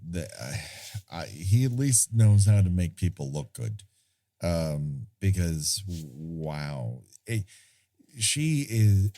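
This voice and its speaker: Slow, low-voiced man rambling. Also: dark tone. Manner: rambling, searching for words, self-deprecating. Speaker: podcast co-host. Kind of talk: casual film discussion.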